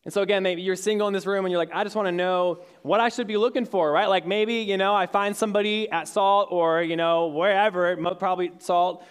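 A young man in his twenties, working as a youth speaker, speaks briskly in a smooth, high-pitched voice with fairly even intonation and hardly any pauses. He tells a story to young adults in a church hall with an audience during a casual sermon, with lots of fillers and restarts.

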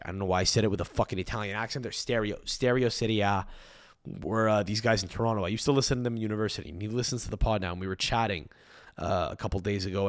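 A man's voice: fairly low pitch, fairly bright tone. A man talks through a solo podcast in a loose, conversational way. He wanders from point to point, swears casually, and keeps circling back to repeat or restart his sentences. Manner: rambling, profane, repeats and restarts phrases. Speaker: podcast host.

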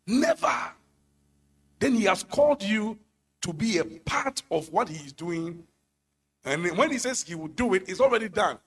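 High-voiced preacher, emphatic. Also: male voice, animated, moderate pace, breathy edge. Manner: emphatic, rising to sung shouts on key phrases. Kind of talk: sermon.

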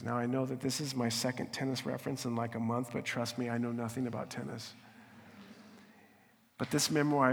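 A man preaching a sermon in an earnest voice, at times dropping to a hushed, prayerful tone. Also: medium pitch, long reverb tail. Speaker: pastor.

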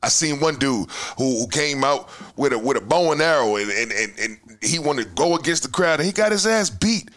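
A man hosting a podcast, talking heatedly in casual chat, swearing freely and swinging between loud outbursts and mutters. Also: mid-range voice, animated, fairly quick, hardly any pauses. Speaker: podcast host.

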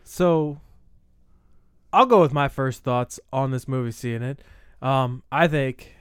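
Man co-host, hesitant casual talker, smooth clear voice, dry recording. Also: mid-range voice, takes it slowly, dry recording. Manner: hesitant, many ums. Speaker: podcast co-host reviewing a film. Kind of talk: casual chat.

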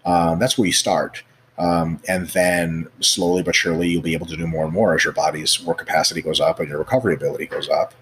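A man, a guest expert, explaining in casual chat, animated and profane, with many fillers. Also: sits low, fast, a little hiss or hum. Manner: profane, animated, acts out scenarios; many fillers like "like" and "you know".

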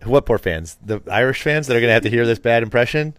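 A man's voice: medium pitch, quick pace, fairly bright tone, clean tone, no echo. A man co-hosting a casual podcast, talking sports in a rambling, opinionated, teasing way. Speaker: podcast co-host.

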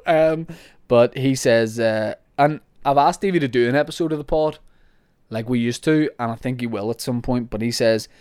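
A man's voice: mid-range voice, darkish tone, clean tone, no echo, studio quality. A young man with a Northern Irish accent, hosting a podcast and answering listener questions in a rambling, jokey, self-deprecating way. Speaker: podcast host.

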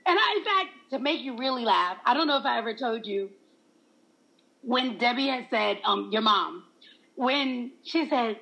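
A woman's voice: high-pitched, unhurried, gravelly, poor audio. A woman in casual chat, laughing often and acting out quoted lines as she tells stories. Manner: laughs often, animated storytelling.

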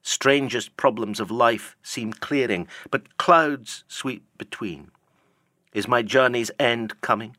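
A man voicing an anguished, loyal first mate on a whaling ship, speaking in a hushed, mournful old-fashioned way. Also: medium pitch, slow, dry recording, clean studio sound. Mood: dread-filled. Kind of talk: audiobook character reading.

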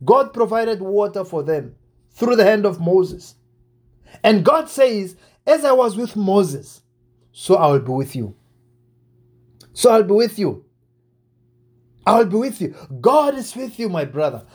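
A man with a high voice delivers an exhorting sermon. He drives his points home through repetition, swinging between emphatic lines and softer, lower ones. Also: very animated, unhurried, pauses often. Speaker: preacher.

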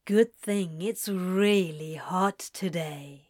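A woman voicing a flirtatious man who teases in a low, slow drawl on the phone. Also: darkish tone, dry recording, clean studio sound. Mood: teasing. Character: flirtatious male seducer on the phone.

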